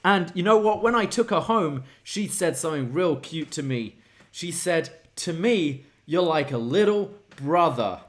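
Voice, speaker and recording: A man's voice: lively intonation, a little slow. A man putting on a naive lovesick young man. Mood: eager. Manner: high, eager, wide-eyed delivery. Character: lovesick young male wrestler, naive and earnest.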